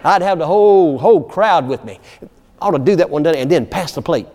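On the high side and a touch fast, this man's voice carries a folksy, storytelling sermon. He laughs in asides, stays animated, and regularly cries "amen," all heard through long hall reverb.

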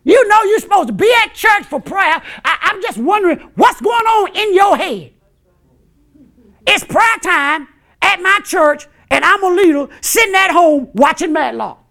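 A pastor preaching an impassioned, colloquial sermon, shouting in bursts and chuckling between points. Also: male voice, very high-pitched, animated, measured pace, gravelly. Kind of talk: fiery sermon.

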